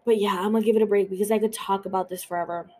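A young woman hosting a podcast, talking quickly and casually with lots of swearing and filler words. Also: mid-range voice, fairly even intonation, a little mellow. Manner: fast, profane, lots of "like" fillers. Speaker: podcast host. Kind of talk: casual chat.

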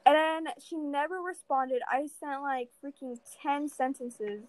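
High-voiced teen girl ranting. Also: unhurried, no echo, poor audio. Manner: animated ranting, lots of fillers. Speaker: student. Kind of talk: casual chat.

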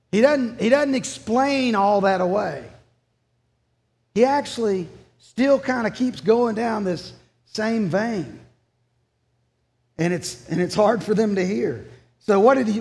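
A man's voice: sits high, darkish tone, long reverb tail. A man preaching a sermon as pastor, earnest and emphatic.

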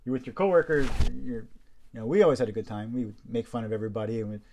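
A man hosting a podcast, telling stories in a rambling, animated way, repeating himself and clearing his throat often through a hoarse voice. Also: medium pitch, racing, slight background noise. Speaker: podcast host. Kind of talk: casual storytelling monologue.

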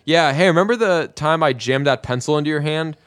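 A man's voice: on the high side, a little fast, a bit bright, natural voice. A man voicing an earnest, slightly whiny young father in his everyday voice. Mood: sheepish. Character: earnest young man, awkward new dad.

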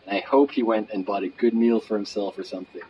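A man telling a personal story as a guest, lively and casual with many fillers. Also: fairly low pitch, quick pace. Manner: animated, acts out quotes, many fillers. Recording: dull recording with faint noise.

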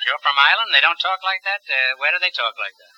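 A man hosting a radio quiz show, teasing contestants with quick deadpan quips. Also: a little high, muffled recording. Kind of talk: wisecracking quiz show banter. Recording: hissy 1950s radio broadcast.

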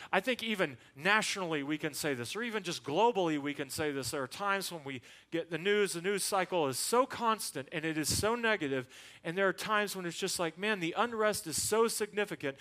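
A man preaching a sermon, telling a personal story and acting out the people in it in a lower voice. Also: fairly bright tone. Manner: storytelling, acts out quotes in a lower voice. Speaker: pastor. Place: church.

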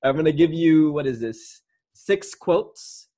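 A man chatting on a casual podcast, teasing and quizzing his friend. His voice sits a bit high and has some huskiness to it. He laughs easily and his pitch swings widely as he talks. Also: expressive, takes it slowly, dark tone. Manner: giggly, laughs often, playful quizzing. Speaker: podcast host.

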